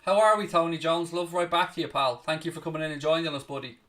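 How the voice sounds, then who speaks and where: Far from the mic, a man whose voice sits on the high side, slightly bright with fairly even intonation, hosts a live football watchalong. Blunt and snippy with chat, he swears freely while calling each pass in rapid play-by-play.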